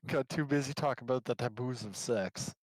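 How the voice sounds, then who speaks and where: A man chatting casually on a stream, eager and quick to laugh. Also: medium pitch, dry recording, poor audio. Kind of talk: casual chat.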